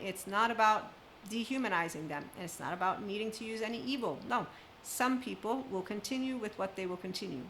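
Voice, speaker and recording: A woman's voice: mid-range voice, fairly bright tone, slight background noise, poor audio. A woman speaking as a spiritual self-help speaker, talking emphatically in long run-on sentences in an unscripted monologue.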